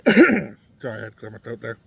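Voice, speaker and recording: A man's voice: medium pitch, wildly swooping pitch, moderate pace, gravelly, sharp tone, slightly rough. Blunt man ranting to camera. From Nebraska. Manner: blunt and combative, many fillers and restarts. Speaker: political commentary vlogger. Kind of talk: casual opinion monologue to camera.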